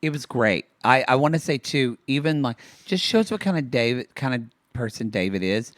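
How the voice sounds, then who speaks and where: A man's voice: mid-range voice, expressive, moderate pace, no room sound. A man co-hosting a podcast, recapping a reality show in playful, campy chat. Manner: playful, campy, quotes the cast in asides. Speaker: podcast co-host. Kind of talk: casual comedic recap chat.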